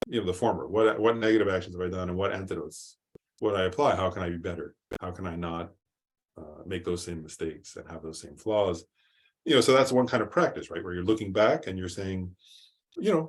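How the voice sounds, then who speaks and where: Low-voiced man teaching, casual and halting. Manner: conversational, rephrases with frequent "right?" and "um". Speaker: Buddhist teacher. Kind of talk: relaxed classroom teaching.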